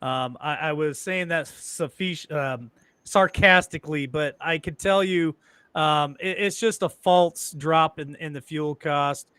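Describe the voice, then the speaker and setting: Bright, clear-voiced male host. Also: a little high, slow, no echo, studio quality. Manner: hesitant, many ums, sarcastic asides. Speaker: show host. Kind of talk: casual conversational talk.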